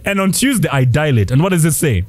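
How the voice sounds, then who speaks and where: A young man from Zambia talks casually as a podcast co-host. His pitch swings widely and sits a little high, and he laughs often and jumps into sudden high-pitched emphasis. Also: big pitch swings, fast talker. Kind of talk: casual chat.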